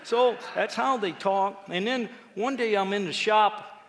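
A man, a lay preacher telling a personal testimony story, acting out quotes with lively jumps in his voice. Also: high-pitched, unhurried. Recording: echoey hall with long reverb.

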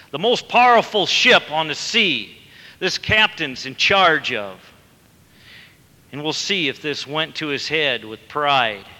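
A slightly high-voiced male preacher delivers a sermon, narrating a story at a slow pace in bright, forceful tones that rise to emphatic bursts. A long hall reverb trails his words.

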